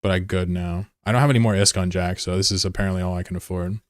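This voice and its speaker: A man's voice: low-pitched, steady tone, fast, dry recording, clean studio sound. A man from the United States rambling and joking casually as he chats with his live-stream viewers. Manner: joking, rambling, answers chat messages.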